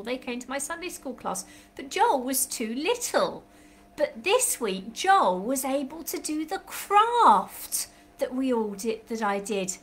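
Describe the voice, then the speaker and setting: A woman with a slightly croaky throat leading a children's class on a live stream, chatting warmly to the watching children with sing-song greetings. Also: a little high. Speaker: children's club leader. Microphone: live stream webcam.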